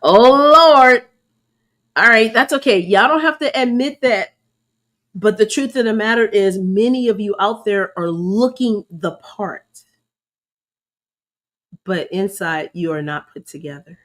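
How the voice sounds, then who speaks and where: A woman's voice: mid-range voice, unhurried, fairly bright tone. A middle-aged woman, sharing a faith-based personal testimony in an earnest, preacherly way and calling her listeners y'all. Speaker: host.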